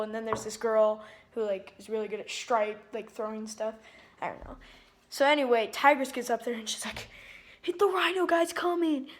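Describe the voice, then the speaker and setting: A woman with a slightly high voice retells a movie plot in a loose, rambling way. She leans on "like" constantly and often backs up to fix what she just said. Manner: rambling, heavy use of "like", frequent restarts. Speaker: movie reviewer.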